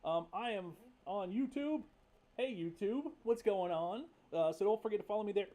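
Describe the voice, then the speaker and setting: A man's voice: sits high, normal speed, warm tone. A young man from North Carolina, hosting a casual livestream, talking candidly and profanely with many fillers. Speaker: livestream host.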